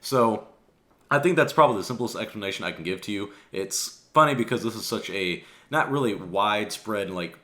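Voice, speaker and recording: A man's voice: on the low side, animated, fairly quick, bright, forceful tone. A man hosting his own channel, talking casually in a rambling, profane, offhand way. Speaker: channel host. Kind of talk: casual vlog rant.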